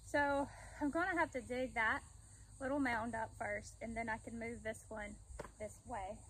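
High-voiced woman chatting while gardening. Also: steady tone, moderate pace, a bit bright, a little hiss or hum, rough recording. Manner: chatty, explains each step while digging. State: out of breath at times. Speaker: gardening vlogger. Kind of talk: casual talk to camera while working. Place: outdoor backyard garden.

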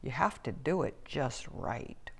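A woman's voice: very deep voice, very animated, takes it slowly, creaky, slightly rough, exaggerated voice. A woman voicing an earnest, fussy little boy hippo who complains a lot.

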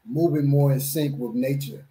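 A man's voice: mid-range voice, moderate pace, dark tone, roomy sound. A man in casual group chat, animatedly telling stories and acting out the voices of the people he quotes. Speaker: co-host.

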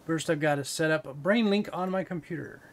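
A man narrating his playthrough of a horror game, joking and reacting with sudden loud outbursts. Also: on the high side, a little fast, a little hiss or hum. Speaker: game streamer. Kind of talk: let's play commentary.

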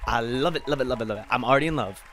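A man's voice: medium pitch, rapid-fire, fairly bright tone. Gushing man reacting to music. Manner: gushing, repeats short exclamations of delight. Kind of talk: casual reaction commentary.

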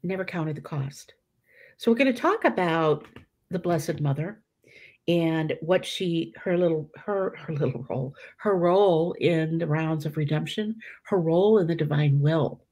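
A woman's voice: low voice, a little slow, darkish tone. A middle-aged woman giving informal religious teaching, chatty, with many fillers and restarts. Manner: conversational, many fillers and restarts, acts out quoted voices. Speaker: Catholic teacher leading a prayer study.

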